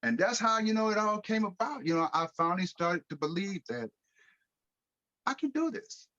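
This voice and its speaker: A middle-aged American man telling his life story in a podcast interview, lively, with casual slang and acted-out quotes. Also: sits high, normal speed, dry recording, lo-fi sound. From United States. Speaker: guest speaker.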